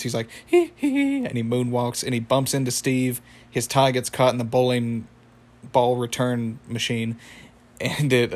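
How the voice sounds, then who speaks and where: Brief: rambling man chatting through an episode recap, monotone. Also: mid-range voice. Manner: rambling, laughs often. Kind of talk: casual chat.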